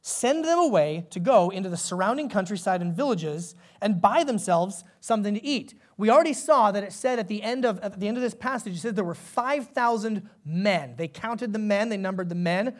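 A male pastor preaching a sermon in a conversational, animated way, often turning to ask the congregation questions. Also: high-pitched, a little fast, hardly any pauses.

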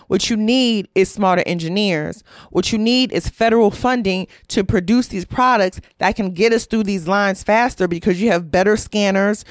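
A woman's voice: medium pitch, dry recording, studio quality. A woman telling a story in a casual monologue, candid and profane, full of "like" and asides. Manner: candid, profane, heavy use of "like".

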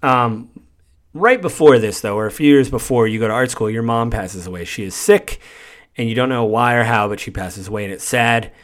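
A man's voice: medium pitch, moderate pace. A man hosting a podcast, casually recounting a video game's story in a meandering, conversational way. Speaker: podcast host.

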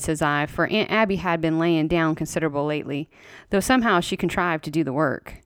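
A woman's voice: fairly low pitch, moderate pace, smooth, dry recording, clean studio sound. A woman storyteller giving a dramatic reading of a horror story in rural dialect, telling it in a blunt, indignant, folksy way.

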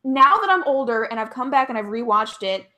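Woman, podcast co-host, somewhat high voice, reflective, self-deprecating, casual chat. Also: lively intonation, fairly quick, bright, forceful tone. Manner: thoughtful, self-deprecating, talks in restarts.

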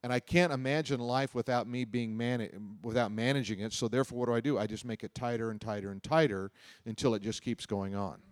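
A man's voice: medium pitch, steady tone, fast talker, no echo, clean studio sound. A middle-aged man preaching a sermon in a loose, conversational storytelling way, often repeating himself and adding asides. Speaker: pastor. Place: church auditorium.

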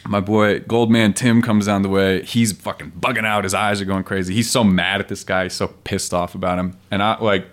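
Podcast guest, male, lowish voice, loose and profane, rambling storyteller. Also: little pitch movement, brisk, hardly any pauses. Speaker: podcast guest, street poet. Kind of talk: casual storytelling chat.

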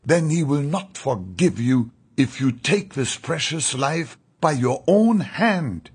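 A man voicing a devout young woman training as a nurse, who speaks in an insistent, pleading, slow and deliberate manner. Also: mid-range voice, expressive, slightly rough, exaggerated voice. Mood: stern. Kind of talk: audiobook character voice.

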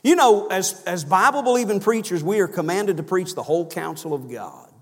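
In a church sanctuary, a high-voiced preacher delivers an animated, brisk sermon as long reverb trails his words. He swings between loud, emphatic cries and low, soft asides.

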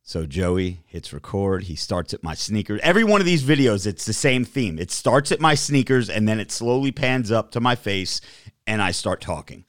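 A man's voice: on the low side, very animated, moderate pace, no echo, studio quality. A man co-hosting a casual chat, brash and heavily profane, with crude joking rants. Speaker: podcast co-host.

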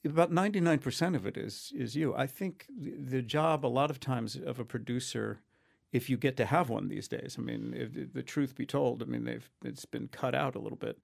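A man's voice: mid-range voice, fairly quick, gravelly. A man who narrates audiobooks, talking in an interview in a wry, self-deprecating, storytelling way. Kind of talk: conversational interview.

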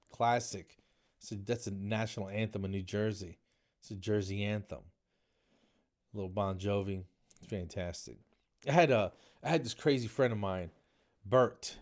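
A man's voice: lowish voice, gravelly. A man around fifty giving a rambling, mocking comedy monologue, tagging lines with "man" and "dude.".

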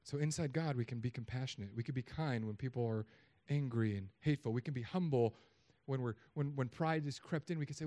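A man preaching a sermon in a conversational, joking way, swinging between loud emphatic peaks and quiet asides. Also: a little high, fast, few pauses.

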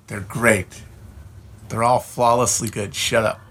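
A man's voice: lowish voice, fairly even intonation, takes it slowly, a bit bright, slight background noise. A man with an Upper Midwestern accent who streams, ranting casually in a profane, blunt and opinionated way with frequent restarts. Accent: Upper Midwestern American.

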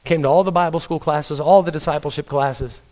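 A man's voice: a little high, fairly even intonation, brisk, darkish tone. A man, a pastor delivering an earnest, conversational sermon with stories. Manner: earnest, conversational preaching with story-telling.

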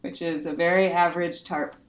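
A woman's voice: on the low side, fairly even intonation, brisk, echoey room. A woman playing in a tabletop game, hesitant and giggly as she describes things. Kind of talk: casual tabletop game chat.

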